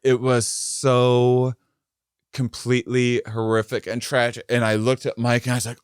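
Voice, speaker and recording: A man in his thirties tells a rambling comic anecdote on a podcast, taking his time and circling back over his words. His voice is smooth and clear, and the sound is dry and close, with no room echo. He laughs his way into the punchlines. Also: mid-range voice, fairly even intonation, unhurried. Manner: rambling storyteller with many restarts, laughs into punchlines. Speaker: podcast co-host. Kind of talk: comedic storytelling.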